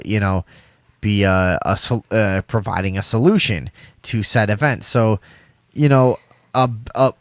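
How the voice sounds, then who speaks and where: A man's voice: fairly low pitch, dry recording. A man hosting a casual call-in talk show, rambling with many restarts and frequent swearing.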